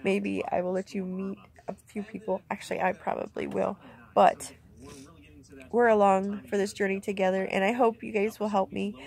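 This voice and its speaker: A woman's voice: medium pitch, vocal fry, darkish tone. A middle-aged woman vlogger speaking candidly and emotionally in a plainspoken, heartfelt way from inside a camper. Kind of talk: candid personal vlog.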